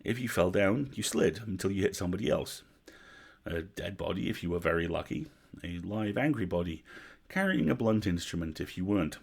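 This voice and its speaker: A man reading a story aloud on a livestream, measured, with wry asides. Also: sits low, expressive, vocal fry, darkish tone, husky. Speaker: story reader.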